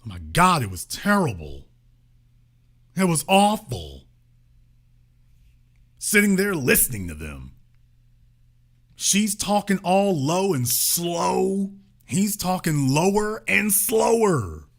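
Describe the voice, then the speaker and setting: A man's voice: sits high, wildly swooping pitch, takes it slowly, gravelly, long pauses. A man hosting a political commentary show, delivering an emphatic, sarcastic, colloquial monologue. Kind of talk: opinionated monologue.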